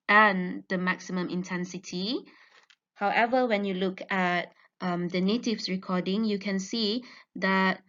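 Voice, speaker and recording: A woman student giving an academic presentation on her research, explaining slowly with frequent ums. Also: medium pitch, a bit bright. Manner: measured, explanatory with fillers. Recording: dull lo-fi recording.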